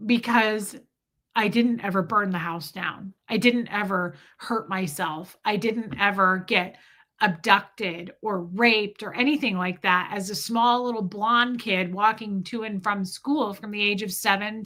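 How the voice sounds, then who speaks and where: A woman chats candidly to her live viewers in a loose, rambling storytelling style. Her voice is bright and forward. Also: mid-range voice. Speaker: livestream host. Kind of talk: casual storytelling to live chat.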